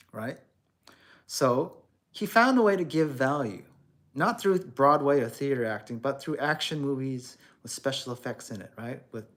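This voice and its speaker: A man's voice: fairly high pitch, a bit bright. Man lecturing on a casual livestream. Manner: opinionated, lecturing, rhetorical questions; acts out quoted voices.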